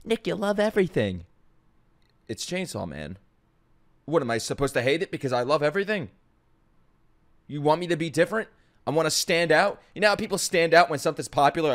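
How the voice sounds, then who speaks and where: A young man reacting out loud to an anime as a streamer, loud and exclamatory, swearing freely and talking back to the screen. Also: a little high, animated, fairly quick. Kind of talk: excited anime reaction commentary.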